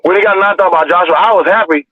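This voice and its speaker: A young man spins animated, cuss-heavy stories in a relaxed chat. His voice sits a bit high. The sound is dry and narrow, like a phone line. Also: fast talker, dry recording. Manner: profane, animated storytelling. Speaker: livestream host. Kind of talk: casual storytelling chat. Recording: dry, tinny phone-like audio.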